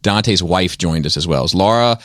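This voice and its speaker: A man's voice: low voice, normal speed, dry recording, clean studio sound. A man hosting a casual podcast chat, rambling with lots of fillers and some swearing. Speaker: podcast host. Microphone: studio mic on arm.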